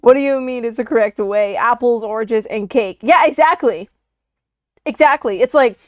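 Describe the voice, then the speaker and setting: A young woman streamer in casual reaction chat, talking in an animated, profane and rambling way. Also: a little high, normal speed, no room sound. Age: young adult.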